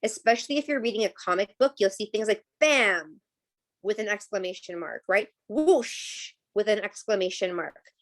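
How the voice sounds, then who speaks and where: A woman's voice: mid-range voice, fast. A woman teacher leading a live online class over a video call, explaining patiently and checking in with "right?" and "okay?".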